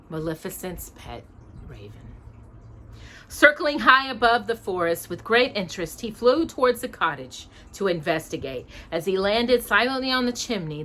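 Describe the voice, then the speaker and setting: A woman reading a storybook aloud to her child in an expressive way, pausing to ask her questions. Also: medium pitch.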